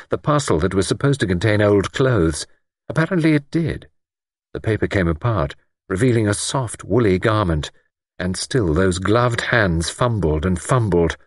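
Male narrator, audiobook reading, expressive, husky timbre, dry close recording. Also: sits low, no room sound. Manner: measured, expressive storytelling.

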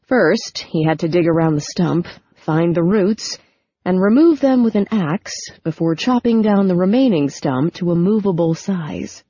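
A woman narrating a romance novel as an audiobook, steady and even, close on the mic. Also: lowish voice, measured pace, husky, dry recording, lo-fi sound. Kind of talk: scripted narration.

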